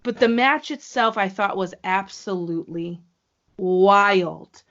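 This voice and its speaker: Woman podcast host, mid pitch, excitable and playful, dull lo-fi sound. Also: normal speed. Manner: excitable, playful ring-announcer flourishes. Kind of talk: casual chat.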